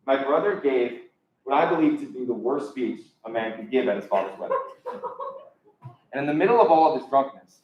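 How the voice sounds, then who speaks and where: A man's voice: medium pitch, lively intonation, fairly quick, a little hiss or hum. A young man doing a live stand-up comedy set, talking casually and rambling with lots of ums. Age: young adult. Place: live comedy show in an echoey room. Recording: echoey, dull lo-fi room recording.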